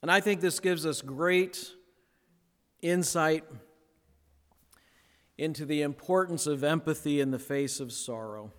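A man preaching a sermon, pausing for effect and dropping to a near hush on key words, then building again. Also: a little high. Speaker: pastor. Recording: long hall reverb.

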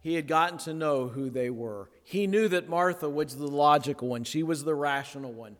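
A man preaching a sermon, pausing for effect and dropping to a near hush on key words, then building again. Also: on the high side. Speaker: pastor. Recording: long hall reverb.

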